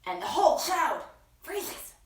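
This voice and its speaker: A woman hosting a children's story time, reading picture books aloud in an expressive sing-song way with gasps and acted voices. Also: sits high, a little slow. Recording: echoey room, from far off.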